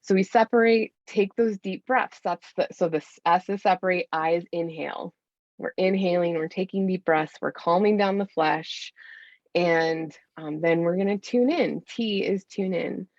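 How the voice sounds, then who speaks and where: A woman's voice: lowish voice, normal speed, no room sound, dull audio. A woman in her thirties, a podcast guest who coaches mothers, talking in an earnest, encouraging way straight to the listener. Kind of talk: casual podcast interview.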